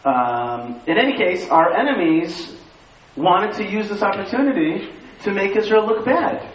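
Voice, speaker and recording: A man telling stories to a live audience, animated, repeating phrases and quizzing the crowd. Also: sits high, a little slow. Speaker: speaker addressing an audience. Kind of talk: lively storytelling talk. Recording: echoey room, far from the mic, faint hiss.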